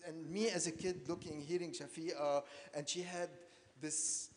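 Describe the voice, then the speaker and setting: A man's voice: fairly high pitch, steady tone, normal speed. A man from Lebanon giving a personal storytelling talk as an artist, hesitant, repeating words and using many fillers. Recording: long hall reverb.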